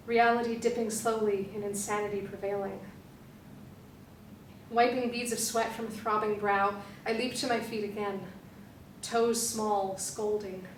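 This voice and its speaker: A woman performer giving a dramatic literary reading of a novel excerpt, with slow, deliberate phrasing and pauses. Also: mid-range voice. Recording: echoey room, distant mic, faint hum.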